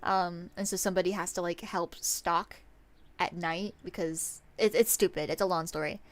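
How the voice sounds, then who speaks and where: A woman streamer chatting casually to her viewers on a work-along stream, bubbly and quick to giggle. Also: lowish voice, steady tone.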